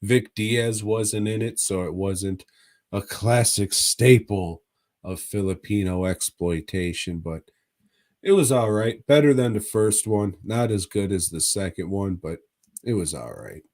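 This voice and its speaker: A laid-back man co-hosts a podcast, rambling through casual, profane movie chatter. His voice sits low, and he takes his time with every sentence. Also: expressive, unhurried, a little mellow. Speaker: podcast co-host. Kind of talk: casual movie review chat.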